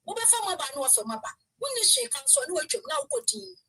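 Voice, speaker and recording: A woman from Ghana giving fast, emphatic political commentary, mixing Twi and English. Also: very high-pitched, big pitch swings, creaky, pushed and bright.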